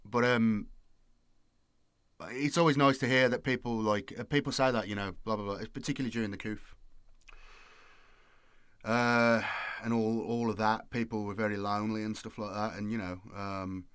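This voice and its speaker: A man's voice: lowish voice, fairly even intonation, normal speed, a bit bright, smooth, no room sound, clean studio sound. A man hosting his channel, chatting casually and rambling with lots of fillers. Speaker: YouTube host. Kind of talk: casual late-night chat.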